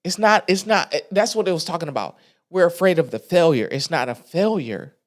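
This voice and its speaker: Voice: medium pitch, animated, a little fast. A podcast host giving a candid, emotional, colloquial monologue into a microphone, with frequent restarts. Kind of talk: casual heartfelt monologue. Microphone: studio microphone.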